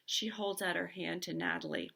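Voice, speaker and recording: A woman's voice: on the low side, steady tone, normal speed, creaky, bright, forceful tone. A woman teacher reading a novel aloud with expression, stopping now and then to comment on the story.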